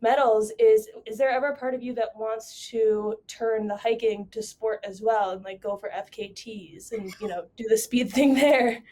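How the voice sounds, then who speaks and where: A woman's voice: on the high side, fairly even intonation, normal speed, few pauses, dark tone. Young female podcast co-host, casual chatty delivery, loose and conversational. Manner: chatty, laughs easily, many fillers. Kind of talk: casual chat.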